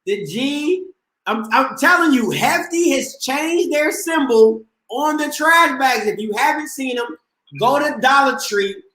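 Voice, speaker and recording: A man hosting a live call-in sports show who trash-talks with a playful, boastful swagger. His voice sits high and bright, and it swings widely in pitch. The echo of the room is clear around him. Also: lively intonation, a little slow.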